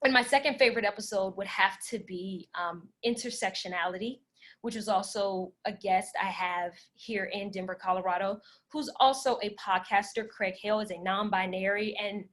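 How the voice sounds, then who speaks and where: A woman podcast host answering audience questions in a relaxed, talkative way, speaking with passion and filling pauses with "like" and "um". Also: medium pitch. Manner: passionate, talkative, many "like" and "um" fillers. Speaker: podcast host leading a workshop Q&A. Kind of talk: casual conversational Q&A.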